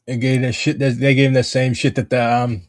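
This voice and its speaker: A man's voice: mid-range voice, flat delivery, brisk, no room sound. A man chatting casually on a live stream, rambling and swearing as he jumps between topics.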